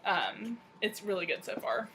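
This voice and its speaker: Woman co-host, casual book chat, middle pitch, faint background noise. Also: sing-song, unhurried, a bit bright. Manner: chatty, reads a synopsis aloud with stumbles. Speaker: podcast co-host.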